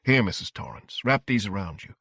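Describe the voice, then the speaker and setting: A man voicing a calm, kindly older man in an audiobook, speaking slowly and reassuringly. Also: lowish voice, breathy edge, dry recording, full character voice. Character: steady, kindly older male cook.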